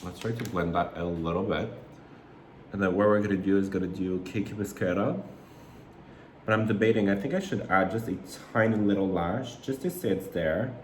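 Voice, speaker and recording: A man chatting through a makeup tutorial at home, gossipy and rambling, with sudden loud squeals. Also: sits low, normal speed, slight background noise. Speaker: makeup vlogger. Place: room at home, alone. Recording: echoey room, faint ambience.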